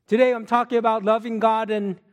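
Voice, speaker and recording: A middle-aged pastor preaches in a high, light voice. He talks in an earnest, conversational way, telling a family story and asking the listeners questions as he goes. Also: flat delivery, fairly quick. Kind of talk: sermon with a personal story.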